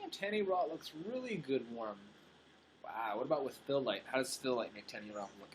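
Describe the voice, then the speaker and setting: A man's voice: mid-range voice, brisk, slight background noise, poor audio. A man hosting a casual livestream, chatting playfully and muttering asides to himself while he edits clips. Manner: playful, muttering asides, lively ups and downs. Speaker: livestream host.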